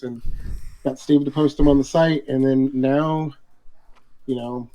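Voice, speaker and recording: Man, mid-pitched voice, hesitant, halting, casual guest chat, dull lo-fi video call audio. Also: little pitch movement, warm tone. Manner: hesitant, full of fillers and restarts. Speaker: guest, game book author.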